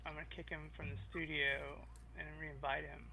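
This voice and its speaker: A man producing a live podcast, talking quickly and in a low-key way while fixing technical problems. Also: little pitch movement, vocal fry, a crowd in the background, rough recording. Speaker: show producer.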